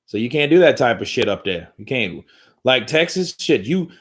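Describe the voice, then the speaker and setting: A man's voice: mid-range voice, big pitch swings, normal speed, a bit bright. A man hosting a live boxing commentary stream, talking in a rambling, profane, joking way from home.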